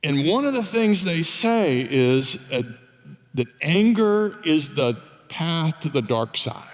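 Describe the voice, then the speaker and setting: A man's voice: on the high side, sing-song, takes it slowly. Older male pastor, wry conversational preaching. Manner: conversational, wry, self-deprecating storytelling. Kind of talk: sermon. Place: church sanctuary. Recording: long church reverb.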